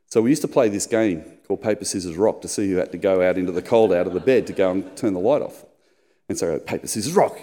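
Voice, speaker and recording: A middle-aged man preaching a sermon as a pastor, telling personal stories and putting on squeaky voices in them. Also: fast talker, warm tone. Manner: storytelling, acts out squeaky high voices in anecdotes. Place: church hall. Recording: long hall reverb.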